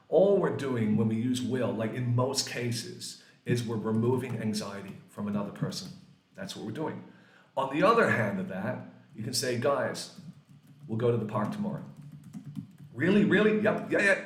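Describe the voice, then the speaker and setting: A man in his forties teaching English grammar in a casual, lively way, swearing freely and acting out little quoted exchanges. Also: mid-range voice. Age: 40s. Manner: lively, swears often, acts out quoted voices. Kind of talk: casual classroom explanation. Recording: echoey room.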